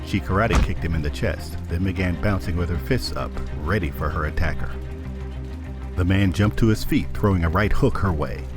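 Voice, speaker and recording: Male audiobook narrator, very low pitch, measured and even delivery, faint music bed. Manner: measured, steady storytelling. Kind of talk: scripted narration.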